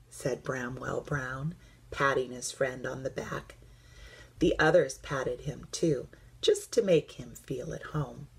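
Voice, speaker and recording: A woman, a teacher, reading a children's picture book aloud, gentle and slipping into soft whispers. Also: very deep voice, slow pace, creaky, breathy edge.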